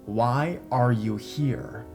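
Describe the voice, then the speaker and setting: A man voicing a creepy, menacing older male backwoods stranger who speaks flatly and coldly, then bursts into screams. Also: mid-range voice, drawn-out words, soft background music. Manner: flat, cold, then erupting into screams.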